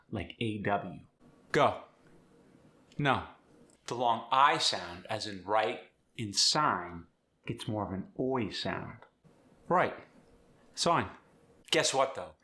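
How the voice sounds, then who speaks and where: A man's voice: lowish voice, bright, forceful tone. A man teaching an in an upbeat, step-by-step tutorial. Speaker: accent coach. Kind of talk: instructional tutorial.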